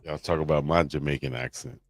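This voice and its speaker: A man's voice: a bass voice, steady tone, brisk, no room sound, studio quality, soft background music. A man hosting a casual sports talk show, telling stories in a laid-back way. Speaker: host.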